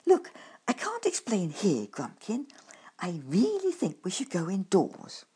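A woman's voice: fairly high pitch, wildly swooping pitch, measured pace, a little mellow, husky, pitched above the performer's own voice, heavily acted. Woman doing a nervous, fussy badger. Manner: timid, confiding.

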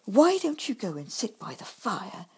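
A woman voicing a kindly, polite miniature male badger in a storybook, gentle and fussing over his friend. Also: mid-range voice, very animated, measured pace, breathy edge, pitched above the performer's own voice, exaggerated voice. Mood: caring. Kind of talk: storybook character voice.

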